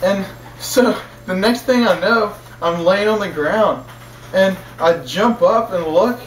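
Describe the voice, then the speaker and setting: Speaking slowly in a high, slightly bright voice, a young man chuckles his way through a rambling, repetitive casual story. The recording catches him from a distance in an echoey space, with a bit of faint noise.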